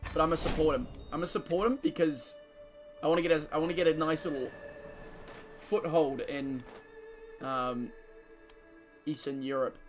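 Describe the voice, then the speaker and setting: A man with a slightly higher voice gives loose, profane commentary over a strategy game, joking to his viewers and reading events aloud. Faint game music plays softly behind him. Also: steady tone, moderate pace, long pauses. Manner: casual, profane, joking banter with frequent laughter. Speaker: streamer. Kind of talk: gameplay commentary.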